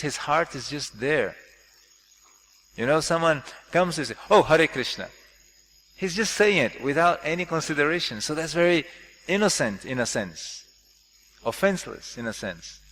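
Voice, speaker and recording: A man giving a scripture class, explaining with lively, jokey questions to his audience. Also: mid-range voice. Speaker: class speaker. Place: temple hall. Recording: echoey hall with faint noise.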